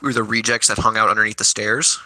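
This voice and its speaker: A man's voice: on the low side, little pitch movement, quick pace, sharp tone, no echo, low-quality recording. A man as a guest in a casual chat, blunt and casually swearing, with many hesitant fillers.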